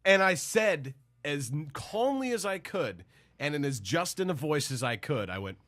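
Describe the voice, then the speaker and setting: A man's voice: fairly high pitch, sing-song, moderate pace, fairly bright tone. A man telling a story on a casual podcast, acting out other people's voices and swearing freely. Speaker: podcast host.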